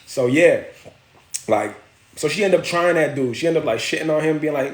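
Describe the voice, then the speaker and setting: Man, livestream host, casual slangy storytelling, shout-outs to viewers, fairly high pitch, roomy echo. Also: normal speed. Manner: slangy, loose, greets viewers mid-story.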